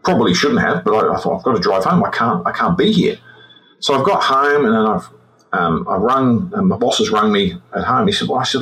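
A man's voice: lowish voice, animated, fairly bright tone, a little hiss or hum, low-quality recording. A man in his sixties with an Australian accent, a retired forensic examiner telling his story in an interview, often repeating words as he goes. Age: 60s. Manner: halting, repeats words as he recounts.

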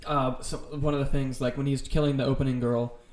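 A man's voice: mid-range voice, flat delivery, a little fast, a little mellow. Enthusiastic man in an echoey room. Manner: enthusiastic, rambling, swears freely. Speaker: podcast co-host. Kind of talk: casual chat about horror films. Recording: roomy echo.

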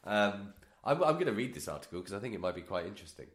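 A man's voice: lowish voice, big pitch swings, fast talker. A man co-hosting a podcast, making jokes and poking fun at himself in casual chat. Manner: jokey, self-deprecating banter. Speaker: podcast co-host. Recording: echoey room.

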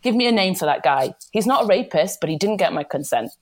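A young woman telling a personal story in a candid, blunt, animated way. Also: lowish voice, fast talker. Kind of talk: candid casual chat.

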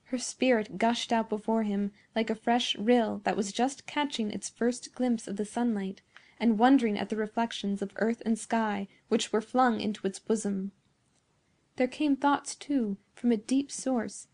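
A woman narrating a classic story in a measured, expressive reading. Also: on the high side. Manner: measured, expressive reading of old-fashioned prose. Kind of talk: scripted narration.

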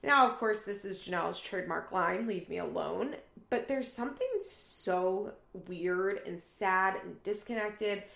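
Chatty woman with a gravelly voice. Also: medium pitch, measured pace, hardly any pauses, reverberant. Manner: animated retelling, acts out quoted lines with raised voice. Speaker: reality TV recapper. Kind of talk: casual recap commentary.

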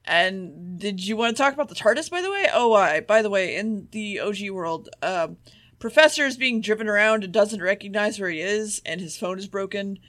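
A man's voice: sits high, expressive, normal speed, sharp tone. A man co-hosting a podcast, casually recapping an episode, swearing freely and acting out the characters' lines. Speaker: podcast co-host.

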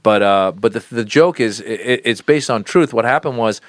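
A man's voice: lowish voice, normal speed, dry recording. A middle-aged man, a comedian guest, telling stories in a casual interview, rambling with many restarts and now and then acting out the voices of people in his stories. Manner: rambling, restarts often, acts out voices in quotes. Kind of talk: casual storytelling in a podcast interview.

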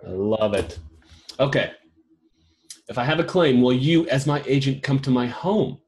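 A man's voice: mid-range voice, moderate pace, darkish tone. Amused man reading questions aloud. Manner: reads questions aloud with amused, laughing commentary. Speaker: podcast host. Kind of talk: casual roundtable discussion.

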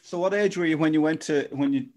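A man's voice: a little high, quick pace, darkish tone. A man hosting a podcast, asking questions and reflecting thoughtfully in a conversational way. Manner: reflective, conversational, hedging with "you know". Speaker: podcast host.

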